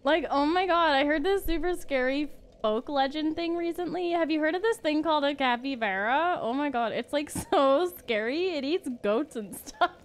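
A woman's voice: high voice, normal speed, few pauses, natural voice. A woman voicing a bubbly, airheaded young Valley Girl who gushes and fills her talk with "like.". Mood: gushing. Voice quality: gushing, breathless, filler-heavy.

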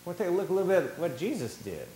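A man preaching a sermon in a church, animated and theatrical, acting out the voices of the people he talks about. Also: sits high, racing, reverberant, a little hiss or hum, rough recording. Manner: animated, acts out quoted voices. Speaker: pastor. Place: church sanctuary.

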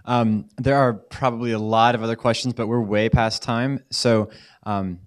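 A man's voice: medium pitch, steady tone, moderate pace. A man moderating the event and thanking the speaker. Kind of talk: closing remarks.

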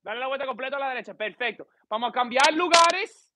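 A man's voice: very high voice, rapid-fire, very noisy. A man teaching a live salsa class, counting beats and calling cues in Spanish and English to the dancers. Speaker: salsa instructor.

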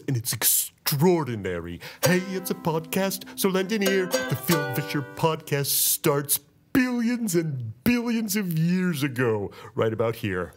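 A man doing a comic impression of an older male science narrator, singing a theme in a slow, marveling voice. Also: on the high side, pitched above the performer's own voice. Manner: slow, marveling, sing-song delivery.

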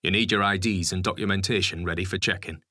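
A man voicing a calm, reassuring convoy driver who speaks in a steady, matter-of-fact way. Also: sits low, fast, dry recording, studio quality.

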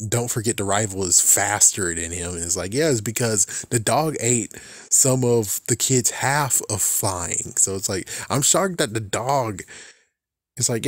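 A man's voice: lowish voice, no echo, studio quality. Rambling slangy man reviewing books. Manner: rambling, slangy, laughs often, exaggerated asides. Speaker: book review vlogger.

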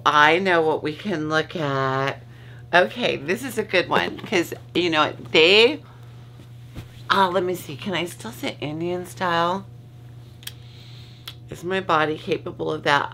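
A woman's voice: low-pitched, fairly bright tone, slight background noise. A woman vlogger chatting casually from her bed at home, rambling, losing her train of thought and swearing freely. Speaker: vlogger host. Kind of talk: casual chat.

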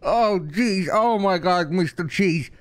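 A man's voice: high voice, slow pace, soft background music. A man playing a polite, flustered old man in a role-play game, stammering and apologizing.

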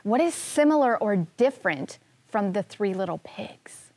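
A woman teaching first grade, reading a picture book aloud in a slow, expressive way and asking the children questions. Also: mid-range voice.

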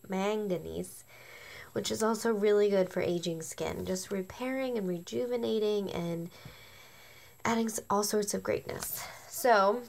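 A woman giving a bubbly, chatty product review in a casual vlog, with playful asides. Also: mid-range voice.

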